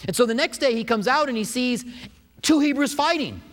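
A man preaching a sermon, retelling a scripture story with animated storytelling. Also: very high voice, fairly quick. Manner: animated storytelling, acts out quotes. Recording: echoey hall.

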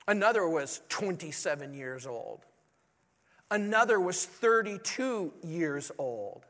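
High-voiced preacher in a reverberant hall. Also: male voice, a bit bright. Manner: earnest preaching, pleading rhetorical questions. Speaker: pastor. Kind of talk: sermon.

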